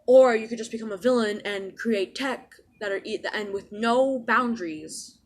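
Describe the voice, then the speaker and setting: A woman voicing a young male villain who is earnestly talking someone into joining, in a rushed, run-on way. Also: natural voice, low-quality recording. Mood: earnest persuading. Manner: rushed, run-on persuasive pitch.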